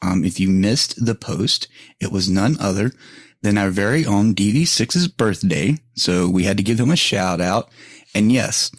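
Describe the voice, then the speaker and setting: A man's voice: lowish voice, expressive, measured pace, no echo, studio quality. A male podcast host in casual chat, swearing freely, laughing often and rambling through stories.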